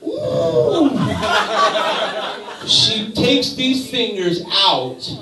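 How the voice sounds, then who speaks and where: A male stand-up comic tells a profane, animated story in a bar, and his bright, high-ish voice jumps all over the place. He sounds a little far from the mic, and the room rings with echo. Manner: profane, animated storytelling with sudden loud outbursts. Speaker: stand-up comedian. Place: bar stage. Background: audience laughter.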